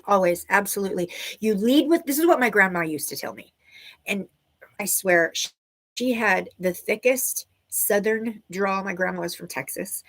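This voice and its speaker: A woman's voice: medium pitch, a bit bright. A woman teaching a live online tarot class and giving intuitive readings to viewers, talking loosely and searching for her words, with frequent "right?" asides.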